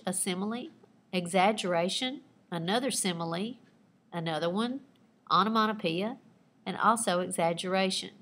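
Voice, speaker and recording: A woman teacher expressively reads a personal narrative aloud, pausing for asides that point out figurative language and explain writing techniques. She speaks at a moderate pace in a mid-range voice.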